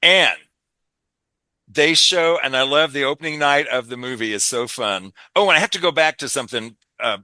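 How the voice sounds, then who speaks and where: Older male podcast host, bright, forward voice, close dry mic, chatty retelling of a film with acted-out lines. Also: medium pitch, normal speed, no room sound. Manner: animated storyteller, acts out lines. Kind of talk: casual chat retelling a film plot.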